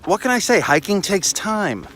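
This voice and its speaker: A man's voice: high voice, very animated, moderate pace, fairly bright tone, low-quality recording. A man vlogging while walking a hiking trail, chatting casually and joking at his own expense into a handheld camera. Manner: joking, rambling, self-mocking. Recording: outdoor wind and traffic noise.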